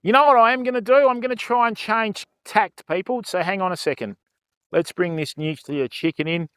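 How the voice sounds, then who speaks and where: A man's voice: sits high, fairly quick, a bit bright, clear, resonant tone, dry recording, clean studio sound. An older Australian man chatting casually on a fishing livestream outdoors by a river, greeting viewers and often adding "mate" and "you know".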